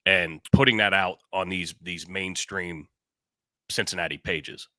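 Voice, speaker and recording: A man co-hosting a podcast in casual talk, blunt and quick to swear. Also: low voice, pushed and bright, dry recording. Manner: blunt, agreeing, swears freely. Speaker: podcast co-host. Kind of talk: casual opinion chat.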